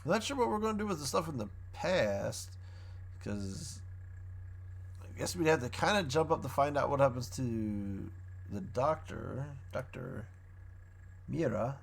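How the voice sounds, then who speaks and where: A man's voice: mid-range voice, animated, a little slow, creaky, long pauses. A man reviewing a show in a casual, rambling way, often restarting his sentences as he recaps the plot.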